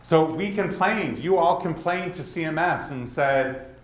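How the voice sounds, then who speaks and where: A man with a Boston accent giving a presentation at a leadership summit, talking straight to the audience and tossing in quick asides. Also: on the high side. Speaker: conference speaker. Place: conference hall. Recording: roomy hall with faint background noise.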